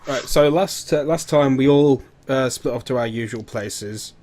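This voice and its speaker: A man's voice: medium pitch, unhurried, crowd noise. A man playing a tabletop game, chatting casually with hesitant fillers. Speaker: player. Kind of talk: casual chat.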